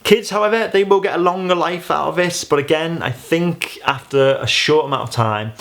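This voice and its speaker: A man with a gravelly, fry-laced voice reviews a gadget in a loose, unscripted way. He rambles and circles back, padding his points with plenty of filler phrases. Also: fairly high pitch, moderate pace, fairly bright tone. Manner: rambling, chatty, many "you know"s. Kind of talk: casual unboxing review.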